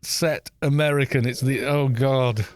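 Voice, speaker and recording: A man's voice: medium pitch, unhurried, clean tone. A man with a Welsh accent from Wales, chatting casually and rambling with joking asides while streaming a game. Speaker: gaming streamer. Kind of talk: casual live-stream chat.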